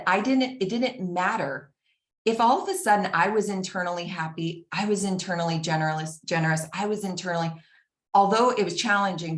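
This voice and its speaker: A woman telling a personal story in an earnest, animated way, acting out bits of dialogue as she talks. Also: mid-range voice. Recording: echoey room.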